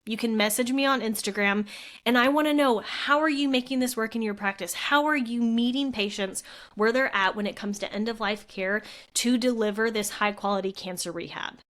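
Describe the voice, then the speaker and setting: A woman's voice: fairly high pitch, a little fast, a bit bright. A young adult woman, a physical therapist, hosting a solo podcast in an earnest, heartfelt, conversational way with frequent fillers. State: tearful at moments.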